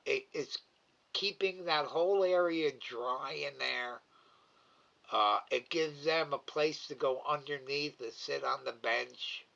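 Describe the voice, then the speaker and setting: A middle-aged man chatting casually on a live stream, reading and answering viewers, talking slowly and haltingly with repeated words and sometimes getting emotional. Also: medium pitch, gravelly, sharp tone. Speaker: live cam host reading chat. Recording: dull lo-fi stream audio.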